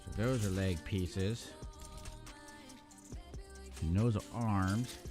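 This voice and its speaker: A man's voice: low voice, very slow, music in the background. A man hosting a live build stream, chatting casually and rambling, often breaking off mid-sentence and swearing now and then. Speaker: live-stream host building model kits.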